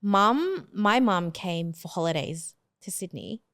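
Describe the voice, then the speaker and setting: A woman's voice: on the low side, lively intonation, takes it slowly, fairly bright tone. A woman in her twenties from Hong Kong, a podcast guest telling her story in a casual, hesitant way with lots of fillers and restarts.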